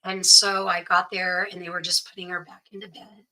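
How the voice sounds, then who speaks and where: The audio is poor, and the woman's voice is fairly low, pushed and bright, with little pitch movement and a normal pace. A middle-aged interview guest, she earnestly shares a personal story, quoting others in dialogue and filling gaps with "you know."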